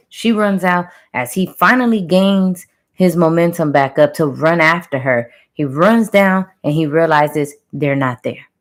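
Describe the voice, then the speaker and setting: Woman, low-pitched, casual storytelling, chatty, playful, spiritual reader. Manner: chatty and conversational, with playful sound-effect words.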